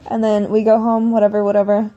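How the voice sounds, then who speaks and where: A woman's voice: medium pitch, completely flat delivery, fast talker, dark tone, highs cut off. A woman vlogger telling a long personal story in a casual, rambling way, often correcting herself mid-sentence.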